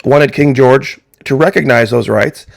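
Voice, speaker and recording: Gravelly man asking rhetorical questions. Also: medium pitch, measured pace, dry recording, studio quality. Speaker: political commentator. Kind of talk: opinion monologue to camera.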